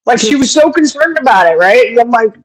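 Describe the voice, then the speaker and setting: A woman's voice: animated, fairly quick, poor audio. Chatty woman telling a gossip story. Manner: chatty storyteller, laughs often, Southern-style sayings; mimics others with raised pitch. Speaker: podcast co-host. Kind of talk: casual chat.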